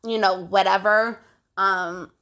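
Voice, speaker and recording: A young woman chatting casually to her phone camera, rambling with lots of fillers and clearing a phlegmy throat. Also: medium pitch, steady tone, slow, a bit bright. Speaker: vlogger.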